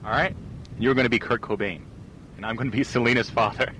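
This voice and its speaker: A man casually leading an improv warm-up, setting up scenes and laughing along as he goes. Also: medium pitch, fast talker, slight background noise. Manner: chatty, laughing, lively host. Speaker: improv exercise leader.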